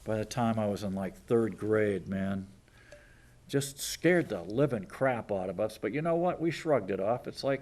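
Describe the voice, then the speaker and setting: A man's voice: lowish voice, lively intonation, a little slow, darkish tone. A man in his sixties giving sardonic local TV news commentary, mocking and rambling with jokey asides. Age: 60s.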